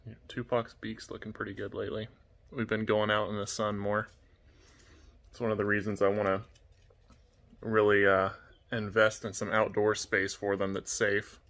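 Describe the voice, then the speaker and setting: A man talks softly to his pet birds and his viewers at home, in a relaxed and gentle way. His voice sits a little low but comes out bright and forceful. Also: normal speed. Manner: gentle, soft-spoken, cooing to birds. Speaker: vlogger, toucan keeper. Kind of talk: casual vlog talk to pets and viewers.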